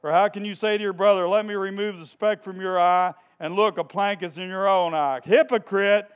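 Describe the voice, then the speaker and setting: A man preaching a sermon with passion, repeating phrases for emphasis and swinging between hushed tones and shouting. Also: sits high, fairly even intonation, moderate pace, clean tone.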